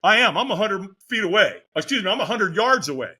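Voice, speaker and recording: A middle-aged man with a high, bright voice tells his story as a podcast guest, his pitch swooping up and down. He acts out what people said and laughs easily as he goes. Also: fast, slightly rough. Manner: animated, vivid storyteller who acts out quotes and laughs often. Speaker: guest, fire captain.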